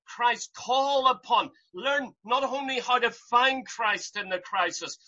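Impassioned preacher, bright voice, lo-fi. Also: medium pitch, takes it slowly. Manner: impassioned, repetitive rhetorical questions, rising to loud cries. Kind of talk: sermon.

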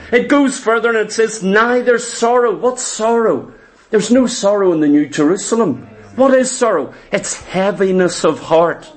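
A man preaching, his voice sitting unusually high. He builds his points through repetition and asks his listeners question after question. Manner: fervent, repetitive preaching cadence with rhetorical questions. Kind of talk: sermon.

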